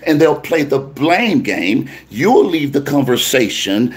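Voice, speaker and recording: Male pastor, lively call-and-response preaching, mid pitch. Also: takes it slowly. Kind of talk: preaching to a congregation.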